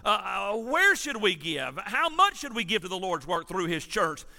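A man's voice: high-pitched, sing-song, moderate pace, gravelly, sharp tone, big-room sound. A man, a pastor preaching an emphatic, storytelling sermon in a church sanctuary.

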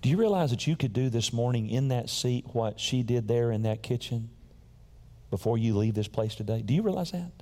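A man's voice: medium pitch, brisk. A man preaching a sermon and telling personal stories in a folksy, emphatic way. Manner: folksy, emphatic, repeats words when excited. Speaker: pastor. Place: large church sanctuary. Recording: long hall reverb in a church.

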